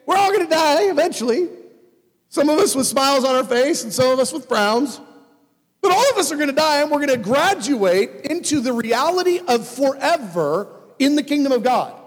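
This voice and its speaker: A man preaching a sermon as pastor, animated and swinging between loud emphasis and hushed asides. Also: extremely high pitch, moderate pace. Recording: long hall reverb.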